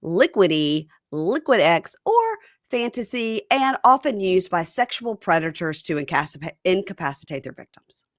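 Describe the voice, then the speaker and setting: A woman hosting a casual podcast, recapping a reality TV episode with animated retelling. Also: normal speed, few pauses, dry recording, clean studio sound. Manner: lively, acts out quotes in a higher voice. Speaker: podcast host.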